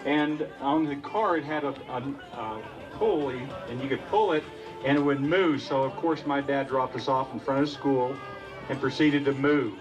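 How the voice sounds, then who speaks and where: A man's voice: mid-range voice, moderate pace, dull audio, music in the background. A man who runs the restaurant, telling a folksy story to a crowd in an easygoing way with a few fillers. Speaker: restaurant owner. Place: busy restaurant event.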